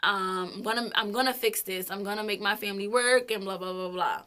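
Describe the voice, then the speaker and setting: A woman's voice: mid-range voice, fairly even intonation, brisk, sharp tone. A young woman co-hosting a couple's vlog, telling a story in casual chat, blunt, swearing freely and laughing often.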